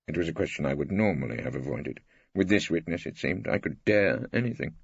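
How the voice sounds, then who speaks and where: An older English man narrating an audiobook in the first person, dry, wry and measured. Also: extremely low pitch, animated, creaky, slightly rough, dry recording. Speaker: audiobook reader. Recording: dull dry studio audiobook.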